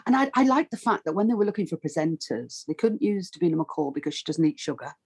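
A woman's voice: on the low side, fast, breathy edge. A woman, a voice artist chatting as a comedy podcast guest. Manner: chatty, animated, slips into funny voices. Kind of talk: comic conversation.

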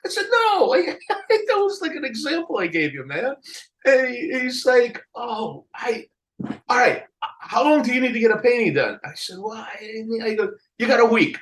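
Animated male storyteller who laughs often. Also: extremely high pitch, moderate pace, low-quality recording. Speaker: album cover artist telling a story. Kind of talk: casual storytelling interview.

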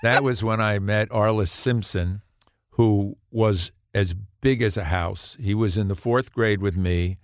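A man in his eighties, a podcast guest, telling anecdotes in an animated way and laughing at his own punchlines. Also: on the low side, unhurried, no room sound, clean studio sound. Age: 80s. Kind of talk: storytelling in a podcast interview.

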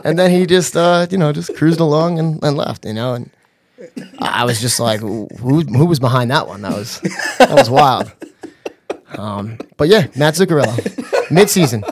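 A man telling a funny story in casual chat, animated and laughing often, with lots of "you know" and "bro". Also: on the high side, normal speed, dry recording. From New York area. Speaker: podcast guest.

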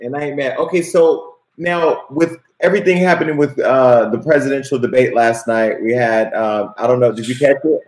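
A man hosting a casual interview, relaxed and quick to laugh. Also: medium pitch. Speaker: host. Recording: roomy echo.

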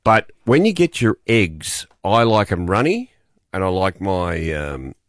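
A man's voice: low voice, sing-song, measured pace, dry recording, studio quality. A middle-aged Australian man hosting breakfast radio, telling rambling jokey stories. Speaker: radio host. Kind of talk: comic breakfast radio banter.

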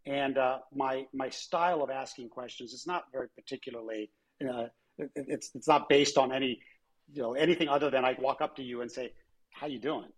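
Husky-voiced man telling business stories. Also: mid-range voice, steady tone, a little fast. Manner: anecdotal, acts out quoted dialogue. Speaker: former airline chief executive, guest. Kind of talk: conversational storytelling interview.

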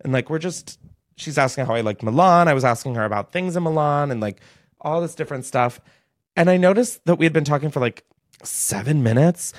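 A man's voice: a little high, animated, fairly quick, dry recording, clean studio sound. Chatty young man hosting a gossipy storytime. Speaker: podcast host. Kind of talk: casual storytime chat.

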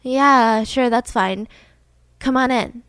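A woman's voice: a little high, slow, a bit bright, clean tone, no echo. A woman voicing an overwhelmed, distracted young mother who talks in a weary, rambling way.

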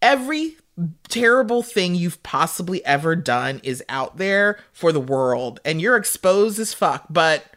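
A woman's voice: lowish voice, big pitch swings, unhurried, fairly bright tone. A woman chatting casually, emphatic and swearing now and then. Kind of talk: casual chat.

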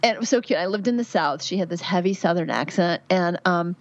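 Woman, 50s, physician guest; candid, rambling podcast chat, lowish voice, dull dry audio. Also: animated, a little fast, dry recording. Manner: candid, chatty, warm advice with frequent fillers. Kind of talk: podcast interview answers.

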